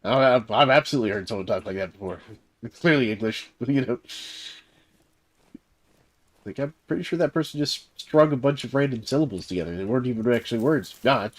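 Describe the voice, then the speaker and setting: Here a Southern man in his thirties sounds animated, with a medium pitch and a slightly quick delivery. He's a livestreaming gamer and server host making relaxed, wandering conversation mid-game, heavy on fillers and chuckling.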